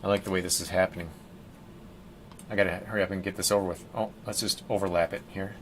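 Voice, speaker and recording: A man's voice: deep voice, steady tone, fast, fairly bright tone, slight background noise. A man chatting casually and rambling with jokes as he paints on a live stream, calling his viewers "team".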